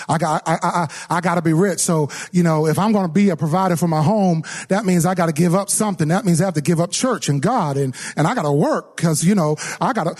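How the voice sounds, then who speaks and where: A middle-aged man preaching a sermon, animated, telling a story and acting out the voices in it, often repeating and restarting words. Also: fairly high pitch, fast talker, few pauses.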